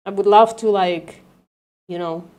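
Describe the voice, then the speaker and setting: A woman hosting a casual livestream, working through logic aloud in a halting, self-correcting way, swearing and laughing at herself. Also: mid-range voice, fairly even intonation, darkish tone. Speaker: livestream host.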